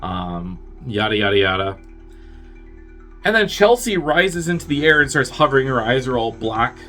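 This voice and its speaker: A man's voice: sing-song, moderate pace, sharp tone, soft background music. A man casually recapping a film's plot in a rambling way, acting out the characters' lines in bursts. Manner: rambling, acts out characters' lines with jumps in pitch. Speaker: podcast host reviewing a film.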